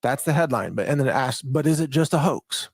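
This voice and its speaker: A man's voice: medium pitch, expressive, brisk, slightly rough, no echo. A middle-aged man hosting a monologue, reading a document aloud and breaking off for conversational asides and rhetorical questions. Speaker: host.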